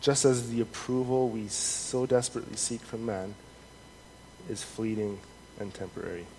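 A man preaching a sermon in an earnest, measured way, reading scripture aloud with rising emphasis. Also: lowish voice, steady tone, darkish tone. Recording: long hall reverb, faint noise.

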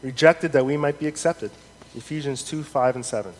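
A man preaching a sermon in an earnest, measured way, reading scripture aloud with rising emphasis. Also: mid-range voice. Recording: long hall reverb, faint noise.

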